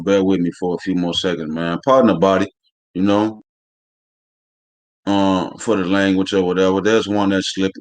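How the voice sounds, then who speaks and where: Fiery, cussing preacher man. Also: sits low. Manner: heated, profane, preachy, leans on "man" at phrase ends. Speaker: religious teacher. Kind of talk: fiery live-streamed scripture class.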